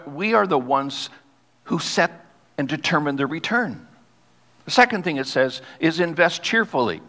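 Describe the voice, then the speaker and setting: A man preaching a sermon as pastor, reading scripture aloud and slowing down to stress key words. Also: fairly high pitch, fairly bright tone. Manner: reads scripture aloud, then explains it. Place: church sanctuary. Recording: long hall reverb.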